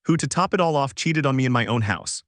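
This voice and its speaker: A man's voice: mid-range voice, animated, fast, no room sound, clean studio sound, lightly acted. A man reading the lines of a frightened, remorseful young woman in a fanfic story, in his own plain voice. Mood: scared.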